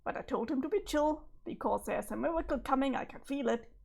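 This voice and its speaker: Casting: a woman reading as a mellow young troll clown who swears casually, voice a bit high. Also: animated, brisk, gravelly. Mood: laid-back. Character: laid-back young male troll clown, drawling.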